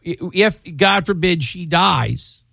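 A man's voice: sits high, lively intonation, slow, vocal fry, sharp tone, no echo, clean studio sound. A man hosting a call-in legal advice radio show, talking in a chatty, rambling way and often restarting his sentences. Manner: chatty, rambling, self-interrupting. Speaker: radio show host and lawyer.

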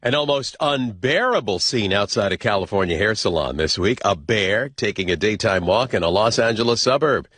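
A man anchoring a newscast, reading headlines in a measured, crisp way into a studio microphone. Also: fairly low pitch, animated, a bit bright. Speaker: news anchor.

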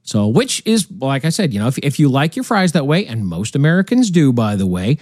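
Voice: medium pitch, sing-song, a little fast, darkish tone, no room sound. A radio co-host in casual studio chat, rambling and repeating words as they go.

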